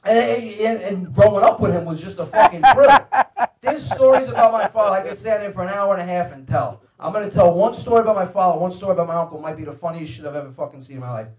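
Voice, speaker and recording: A young man doing stand-up comedy, telling profane, animated stories about his family. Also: high voice, fast talker. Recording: echoey room with faint noise.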